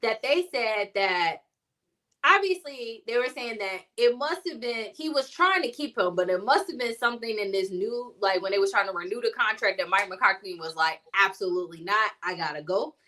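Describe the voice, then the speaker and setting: A woman's voice: on the high side, animated, moderate pace, sharp tone. A woman co-hosting a sports talk show, chatting casually and rambling, often laughing as she talks.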